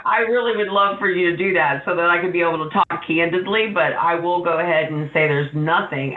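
A woman who owns a small agency speaks candidly on a panel, breaking into giggles and playing down her own work. Her voice comes through a tinny, phone-like line with an echoey room around it. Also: sits low. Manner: giggly and self-deprecating. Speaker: insurance agency owner on a panel. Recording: tinny echoey call audio.

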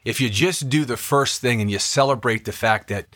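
A man's voice: mid-range voice, moderate pace, no room sound, clean studio sound. Upbeat man telling a story in conversation. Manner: enthusiastic, animated storyteller. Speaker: podcast co-host and actor. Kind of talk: casual chat with storytelling.

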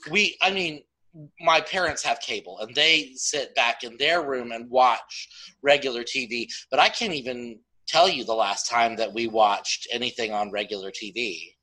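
A man co-hosting a casual podcast, telling stories in an animated way. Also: mid-range voice, moderate pace, low-quality recording. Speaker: podcast co-host. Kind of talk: casual chat.

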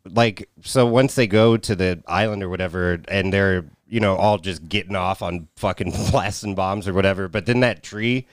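A young man with a low voice jokes his way through a casual movie chat. The sound is close and dry, with no room sound around it. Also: steady tone, moderate pace, hardly any pauses, dry recording. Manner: laid-back joking storyteller. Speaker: podcast co-host.

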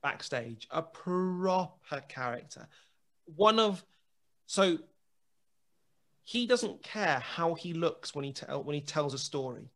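A man, a guest telling a lively anecdote in casual chat, full of restarts and acted dialogue. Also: on the high side, slow. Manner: lively storyteller, many restarts and quoted dialogue.

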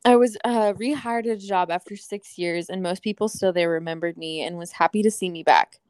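A woman's voice: fairly low pitch, brisk, darkish tone, no room sound, clean studio sound. A woman co-hosting a casual chat, bubbly and self-deprecating, laughing often as she tells stories. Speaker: podcast co-host. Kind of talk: casual chat, telling anecdotes.

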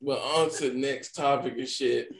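A man's voice: medium pitch, steady tone, normal speed, creaky, breathy edge, poor audio. A man bantering on a podcast in a playful way, steering the conversation along. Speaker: podcast co-host. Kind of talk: casual banter.

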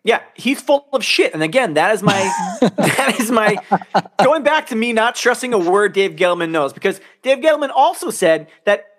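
A man's voice: high-pitched, sing-song, moderate pace, a bit bright. A man co-hosting a podcast, ranting in casual talk, exasperated and swearing a lot. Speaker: podcast co-host. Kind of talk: heated casual sports rant.

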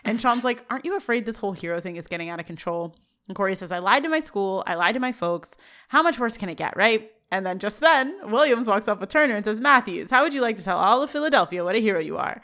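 A woman co-hosting a casual podcast, recapping scenes quickly and laughing often. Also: mid-range voice. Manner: animated, laughs often, quick paraphrasing of dialogue. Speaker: podcast co-host.

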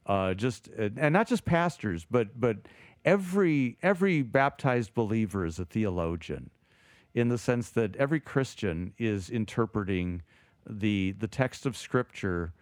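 A man co-hosting a casual theology talk show, animated and thinking aloud with frequent restarts. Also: fairly low pitch, unhurried, no room sound, clean studio sound. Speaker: podcast co-host, theologian.

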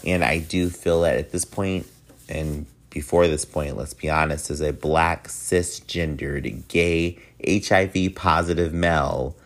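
A man with a low voice hosts his podcast in a loose, chatty manner. His tone is nasal and a little whiny, and he talks earnestly and repeats himself. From United States. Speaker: podcast host. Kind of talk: casual podcast outro.

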